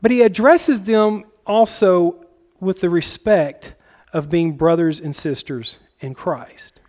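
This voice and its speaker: A man preaching a conversational sermon, acting out quotes in sudden high bursts. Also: takes it slowly, a little mellow. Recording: dull lo-fi sound.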